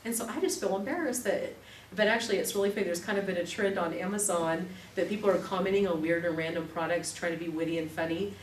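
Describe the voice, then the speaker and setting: A woman in her thirties leads a live cooking class, telling lively stories and laughing along. Her voice sits a little low, and it is picked up from a distance in a reverberant room with faint noise behind. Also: fast. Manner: chatty, animated storytelling with laughter. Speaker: class instructor.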